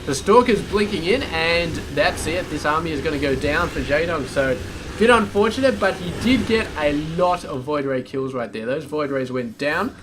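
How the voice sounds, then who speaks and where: Guy casting a strategy game by himself, kinda high voice, laid-back chatter, hiss in the background. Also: animated, normal speed. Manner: casual, chatty, with filler asides. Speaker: game caster. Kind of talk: solo esports commentary.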